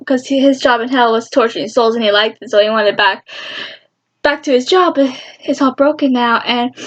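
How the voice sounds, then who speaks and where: High-voiced rambling young woman. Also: a bit bright, lo-fi sound. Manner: rambling and emotional, with sudden high squeals. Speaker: fan vlogger. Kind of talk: excited casual recap.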